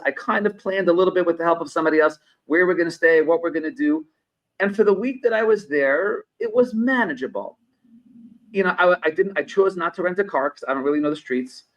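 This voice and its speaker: A higher-voiced middle-aged consultant man. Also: a bit bright, muffled recording. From New York. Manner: explains through personal anecdotes, repeats phrases for emphasis. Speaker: business consultant guest. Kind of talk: conversational podcast interview.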